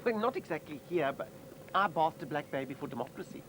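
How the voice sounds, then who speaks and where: A man's voice: fairly high pitch, expressive, quick pace, background noise, close to an everyday voice. A man playing a brash, gossipy middle-aged woman socialite with a South African accent in a sitcom. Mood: chatty. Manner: gossipy, theatrical, calls people doll. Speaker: lead comic character. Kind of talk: sitcom comedy acting.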